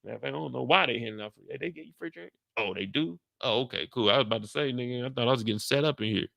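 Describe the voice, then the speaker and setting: A man's voice: mid-range voice, racing, gravelly, sharp tone, no echo, clean studio sound. A man giving loose, joking, slang-filled commentary after a TV episode. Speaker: show commentator. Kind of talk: casual after-show commentary.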